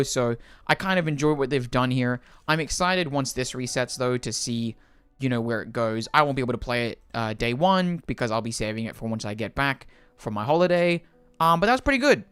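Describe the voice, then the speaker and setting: A man's voice: medium pitch, animated, fairly quick, fairly bright tone, smooth, no room sound. A young man from the Philippines with an Australian accent tinged by Filipino speech, chatting casually on a livestream and rambling through chat questions. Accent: Australian with a Filipino lilt.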